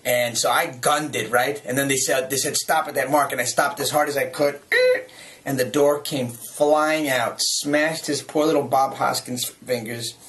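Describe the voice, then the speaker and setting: A man in his forties from the United States reminisces about a film shoot in a casual, lively way. He chuckles often and stops and restarts his sentences as he tells his stories. His pitch sits at an ordinary middle height. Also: a little slow. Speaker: actor. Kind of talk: casual anecdotes in a video message.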